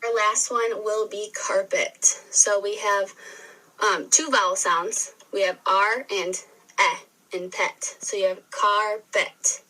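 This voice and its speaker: A woman teacher giving a recorded spelling lesson, sounding words out slowly and clearly syllable by syllable. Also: mid-range voice, steady tone, bright, forceful tone. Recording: re-filmed video playback, distant sound.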